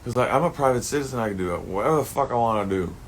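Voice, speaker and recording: A man's voice: medium pitch, lively intonation, racing, slight background noise. A man talking through a rambling personal monologue, swearing often and turning heated and emotional at times.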